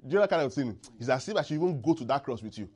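A man preaching a sermon, often quizzing the congregation and pausing for them to fill in the words of a verse. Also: medium pitch, expressive, darkish tone, slightly rough. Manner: call-and-response, asks congregation to finish verses; checks in often with the listeners.

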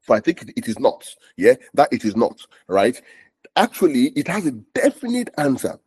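Animated husky male preacher. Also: mid-range voice, normal speed, no echo. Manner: animated, repeats himself and asks the audience questions. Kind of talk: sermon.

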